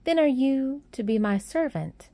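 A woman's voice: sits high, sing-song, measured pace, dark tone, dry recording, pitched above the performer's own voice, heavily acted. A woman voicing a haughty, spoiled little rich girl who talks coldly and demandingly.

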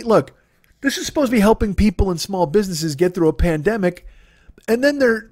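A man in his forties rants his way through a comedic podcast monologue, swearing freely and slipping into mocking voices. His voice sits high for a man. The sound is dry and close, with almost no room in it. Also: no room sound. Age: 40s. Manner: profane, animated, mocking voices in quotes. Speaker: podcast host.

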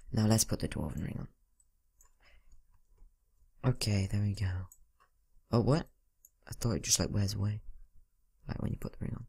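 Low, gravelly teen boy rambling over gameplay. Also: animated, moderate pace, pauses often, a little mellow. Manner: rambling, self-talking, mumbles asides. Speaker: gaming channel host. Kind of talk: casual let's-play commentary.

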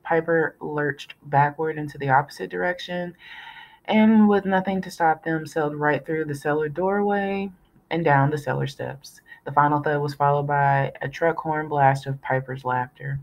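A woman's voice: low voice, moderate pace, low-quality recording. Woman reading a novel aloud. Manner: steady storytelling with occasional self-corrections. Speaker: audiobook reader.

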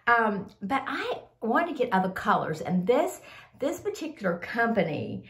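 In an echoey room, an older woman vlogger talks casually to camera about her favorite products in a sing-song, somewhat high, creaky voice at a moderate pace. Sniffly from a cold, she rambles and addresses viewers as "y'all."

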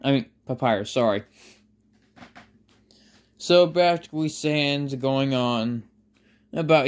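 Brief: rambling, unhurried fan storyteller who keeps correcting themselves, voice mid-pitched. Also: animated, darkish tone. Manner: rambling, many fillers and self-corrections. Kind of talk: improvised fan story narration.

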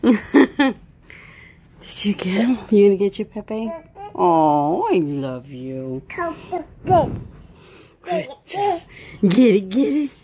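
A woman's voice: medium pitch, big pitch swings, takes it slowly, pauses often, mellow. A woman filming her dog and toddler at home, laughing often and talking to them in a sing-song voice. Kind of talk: casual home video chatter.

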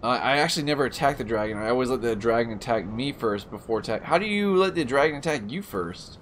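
A man streaming a game live, commenting casually and breaking into yells, groans and jokes as he plays. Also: medium pitch, expressive, fast talker, a little hiss or hum.

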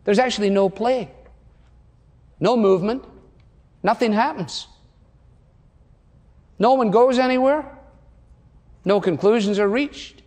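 In a large church auditorium with long reverb, a man in his sixties delivers a sermon in a notably high, somewhat dark voice. He speaks slowly and pauses often, pressing his congregation with rhetorical questions and emphatic repetition.

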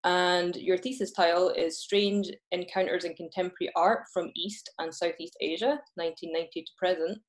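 A woman's voice: lowish voice, steady tone, normal speed, hardly any pauses. A woman with a Scottish accent hosting an online talk session over a video call, earnest, with small restarts when she speaks freely. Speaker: host.

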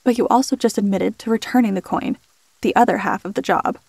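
A woman voicing a smooth middle-aged male HR boss with polished, condescending politeness. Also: mid-range voice, a little fast, a little mellow, no echo. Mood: smug.

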